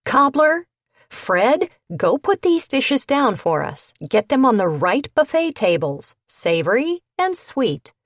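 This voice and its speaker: A brisk, bossy middle-aged woman lawyer giving orders, put on by a female narrator. Pitched up and louder than the narration, read in a dry close audiobook sound. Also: sing-song, dry recording, exaggerated voice. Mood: commanding.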